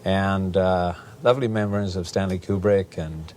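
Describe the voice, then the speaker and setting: A man's voice: low-pitched, fairly even intonation, normal speed, a little mellow. Hesitant Englishman on a talk show. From England. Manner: hesitant, many fillers, playful. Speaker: guest actor.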